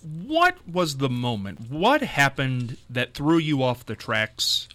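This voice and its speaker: A man's voice: medium pitch, sing-song, slow, bright, forceful tone, no echo. A man interviewing a guest, asking probing questions about an emotional moment.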